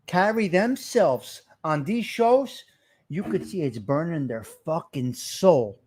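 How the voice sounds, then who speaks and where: A man's voice: on the high side, animated, slow pace, breathy edge. A middle-aged man, hosting a live stream and ranting in a heated, profane way while calling out to his chat. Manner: fired-up, profane, shouting out to chat.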